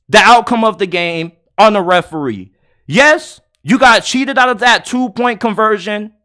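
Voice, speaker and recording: A man hosting a solo sports podcast, retelling a game in an excitable, animated way with casual slang. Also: sits high.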